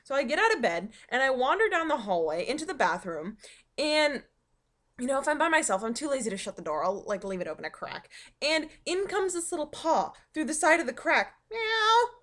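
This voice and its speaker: A woman's voice: high-pitched, very animated, fairly quick, fairly bright tone. A young woman vlogging from her dining room at home, telling rambling stories full of ums and likes. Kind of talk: casual storytelling vlog.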